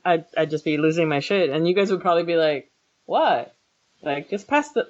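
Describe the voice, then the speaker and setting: Lively, low-voiced woman chatting casually. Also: a little fast, dull audio. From Florida, US. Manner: animated storytelling with acted-out voices. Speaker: podcast co-host. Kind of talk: casual chat.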